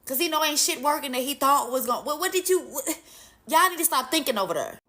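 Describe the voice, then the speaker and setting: A woman's voice: high voice, animated, fast talker, sharp tone. A woman ranting casually, profane and mocking. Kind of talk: casual rant.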